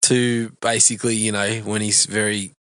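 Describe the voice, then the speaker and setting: A man co-hosting a casual film review podcast, talking with enthusiasm and swearing freely. His voice is bright, and the recording is dry and close. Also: fairly low pitch, little pitch movement, moderate pace, clean tone, dry recording. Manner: enthusiastic, sweary, laughs often. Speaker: podcast co-host.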